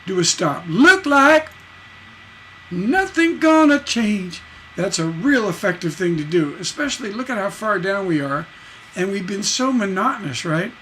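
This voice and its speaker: High-voiced, enthusiastic songwriting teacher man. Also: expressive, normal speed, a bit bright, a little hiss or hum. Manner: enthusiastic, conversational, sings melody snippets and scats rhythms. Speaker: songwriting instructor. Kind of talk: casual online songwriting lesson.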